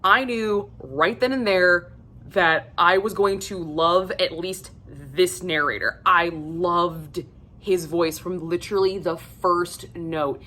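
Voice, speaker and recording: Gushing woman with a bright, forceful voice. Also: fairly low pitch, takes it slowly. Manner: gushing and effusive, swears freely. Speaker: book reviewer. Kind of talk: casual video review.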